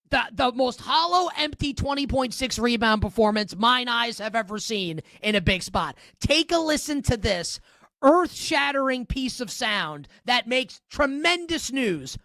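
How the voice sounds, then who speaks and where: A woman sports radio host delivers opinionated commentary with a sarcastic, emphatic edge. Her voice sits somewhat high. The sound is close and dry, with no room around it. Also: a bit bright, no echo. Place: radio studio.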